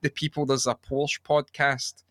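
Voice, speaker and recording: A Scottish man muses aloud in relaxed podcast chat, with a bright, forceful tone. He rambles and swears as he thinks things through. His voice sounds dry and close. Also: mid-range voice, a little slow, no echo. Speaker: podcast co-host. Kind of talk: casual chat.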